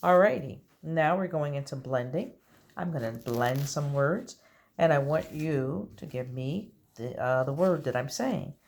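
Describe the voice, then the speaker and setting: A woman teaching a recorded early-grade reading lesson, slow and deliberate, encouraging the children. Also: low-pitched, expressive, creaky, darkish tone.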